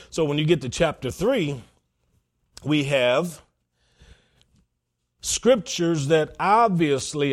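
A man preaching a sermon as pastor, stressing his points by repeating them. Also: mid-range voice.

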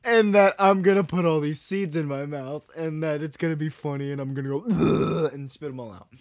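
A young man co-hosts a casual podcast, spinning an animated, swear-filled story. His voice sits fairly high for a man. The sound is dry and close to the mic. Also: a little fast, no echo. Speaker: podcast co-host. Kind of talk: casual chat.

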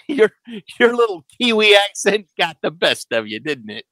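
A man in his thirties hosts a casual chat about a show. His voice is bright and forceful, the sound dry and close, and he tumbles into restarts while acting out what characters say. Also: high-pitched, moderate pace, no echo, poor audio. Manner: animated, stammers, acts out quotes. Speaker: podcast host.

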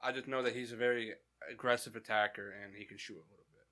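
Bright-voiced man in loose sports chat. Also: mid-range voice, fairly even intonation, fast. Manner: loose and candid, admits what he doesn't know. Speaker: podcast co-host.

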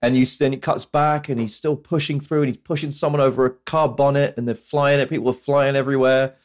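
A man on a film review podcast, retelling movie scenes in casual, animated chat. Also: medium pitch, fast talker.

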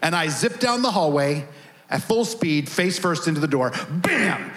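A man preaching to his congregation with a fairly high voice. He tells a story in an animated way, acting out the people in it, before the reading. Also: measured pace. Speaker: pastor. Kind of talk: sermon with personal story.

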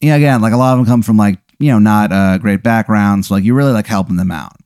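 A man hosting a comedy podcast, spinning an improvised story in a rambling, deadpan way full of fillers. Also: fairly low pitch, fast talker, smooth, no room sound, clean studio sound. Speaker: podcast host.

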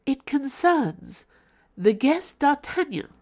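A woman's voice: high voice, sing-song, takes it slowly, a little mellow, voice pushed up, full character voice. A woman voicing a creepy formal house. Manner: formal, plaintive. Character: creepy formal sentient house, genderless, dutiful.

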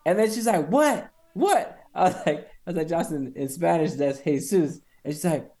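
A man co-hosting a podcast, telling a workplace story in an animated way and laughing as he goes. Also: a little high, fast. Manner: animated, laughs through stories. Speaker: podcast co-host. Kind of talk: casual storytelling.

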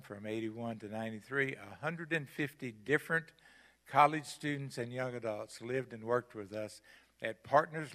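In a church sanctuary with long hall reverb, an older guest preacher gives an emphatic sermon, his mid-range voice a bit bright. He repeats his key phrases as he goes.

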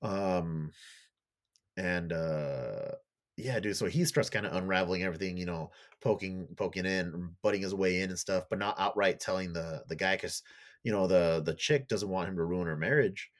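A man's voice: deep voice, moderate pace. A man on a podcast casually retelling a show's plot, swearing freely and raising his voice to act out characters' lines. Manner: loose, profane storytelling; acts out characters' lines in a raised voice. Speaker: podcast co-host.

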